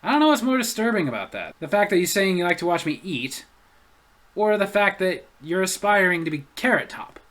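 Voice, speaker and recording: A middle-aged man who hosts a comedy comment segment, reading viewer comments aloud in a deadpan, mock-newscaster delivery. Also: sits high, brisk.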